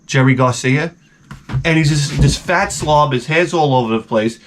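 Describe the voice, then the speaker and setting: A man's voice: a little high, normal speed, noisy background. A man hosting a video, rambling through a profane, comedic rant and often stumbling over his words. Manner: profane, digressive and exasperated; often repeats and restarts words. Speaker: video host.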